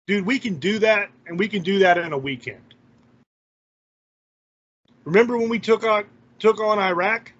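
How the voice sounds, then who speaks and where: High-voiced guy ranting, swearing a lot, scornful, kinda dull lo-fi sound. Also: a bit bright. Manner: blunt, profane, scornful. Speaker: channel host. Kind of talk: heated opinion rant. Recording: dull lo-fi recording.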